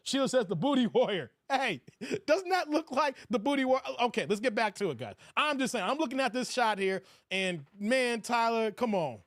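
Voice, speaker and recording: A fairly high-pitched man hosts a casual live reaction stream, cracking jokes in an animated way and thanking viewers for their donations. The sound is dry and close to the mic. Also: moderate pace, no echo. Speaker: YouTube commentary host.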